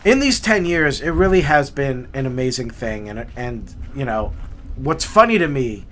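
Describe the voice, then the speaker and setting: A man's voice: medium pitch, normal speed, slight background noise. A middle-aged man telling a rambling, amused story while walking a forest trail, recorded on a camera mic. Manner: relaxed, rambling, with many restarts and amused asides. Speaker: vlog host. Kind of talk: casual storytelling while hiking.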